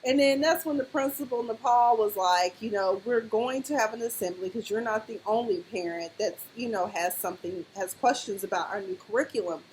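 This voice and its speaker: A woman with a slightly higher voice gives a casual, chatty review of a TV drama. She throws herself into quoting the characters, shifting her delivery as she plays each one. A faint background hum sits under her voice. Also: fairly quick, hardly any pauses, rough recording. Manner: animated, acts out characters' lines in quotes. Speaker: TV recap vlogger.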